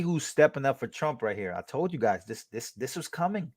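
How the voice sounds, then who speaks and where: A man streamer giving casual reaction commentary, excitable and full of fillers and repeats. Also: mid-range voice, brisk, no echo.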